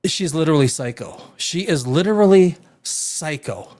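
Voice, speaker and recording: A man hosting a rowdy live stream, loud and rambling, swearing and reading chat comments aloud, a little tipsy from wine. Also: fairly high pitch, moderate pace. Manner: animated, swings between shouting and muttering. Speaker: live show host.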